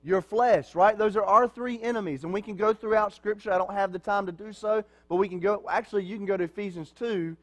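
A man in the pulpit delivers a sermon to his congregation in a fairly high-pitched voice. He talks in a conversational way, tossing out rhetorical questions and answering them himself. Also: fairly quick, few pauses. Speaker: pastor.

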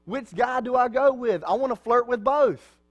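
Pastor guy preaching, fairly high voice, keeps asking the crowd questions then answers them himself. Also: normal speed, dull audio. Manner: conversational preaching with rhetorical questions to the congregation. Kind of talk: sermon.

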